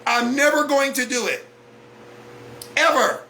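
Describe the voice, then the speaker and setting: Male host, high bright voice, blunt motivational monologue that keeps pressing the same questions. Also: animated, unhurried, a little hiss or hum. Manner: blunt, preachy, repeats rhetorical questions. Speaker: host of a weekly talk broadcast.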